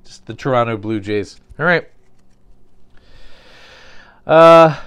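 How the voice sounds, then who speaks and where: A man's voice: mid-range voice, takes it slowly, pauses often, a bit bright, smooth. Dry-humored man opening baseball cards. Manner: dry, absurdist storytelling between card calls. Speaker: card-opening vlogger. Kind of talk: casual card-opening commentary.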